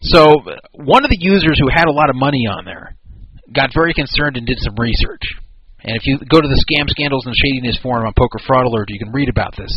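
A man's voice: mid-range voice, fast talker, breathy edge, no room sound, highs cut off. A man hosting a talk show, explaining and criticizing a business in casual commentary. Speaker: podcast host.

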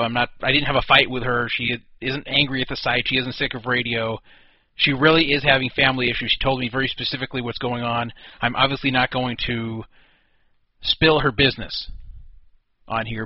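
A man hosting an internet radio show by himself talks in a loose, rambling way, with restarts and wry jokes about himself. The sound is dry, with no room echo, and slightly muffled and lo-fi. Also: medium pitch. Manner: casual, self-deprecating, rambling with restarts. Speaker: host.

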